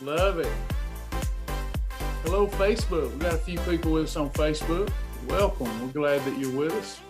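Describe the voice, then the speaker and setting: A man's voice: fairly high pitch, moderate pace, over music. A man coaching weight loss on a live stream, chatting casually and greeting viewers by name in an upbeat, folksy way.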